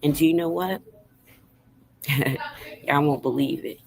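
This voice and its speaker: An emotional grandmother hosts a casual livestream from a fast-food restaurant, speaking earnestly straight to the chat. Her low voice trembles with emotion and she talks slowly. The recording quality is rough.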